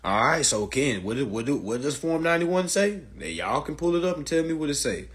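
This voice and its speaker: A man's voice: fairly high pitch, sing-song, brisk, a bit bright, husky. A man telling a long profane story to an online audience, emphatic and repetitive, often saying "all right" and "y'all". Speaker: storyteller addressing a live audience.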